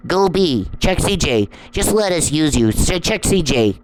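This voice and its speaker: A woman's voice: sits low, sing-song, a little slow, voice pushed up, poor audio. Woman mimicking a smug nagging man. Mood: mocking. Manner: sing-song mocking, repetitive nagging. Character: taunting, smug man who harasses her.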